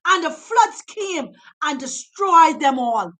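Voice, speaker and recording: Fervent high-voiced woman preaching. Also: sing-song, slow pace. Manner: fervent, impassioned preaching with shouted exhortations. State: emotional, near tears at times. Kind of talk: sermon.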